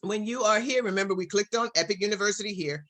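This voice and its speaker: A woman's voice: medium pitch, quick pace, fairly bright tone. A woman business coach giving a casual online presentation, upbeat and encouraging, talking to her audience like family.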